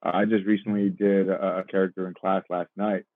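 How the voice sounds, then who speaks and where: A man's voice: low voice, level tone, brisk, no room sound, phone-quality sound. A man in his thirties, an actor and podcast guest, talking casually and reflectively, laughing easily. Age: 30s. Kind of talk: casual interview chat.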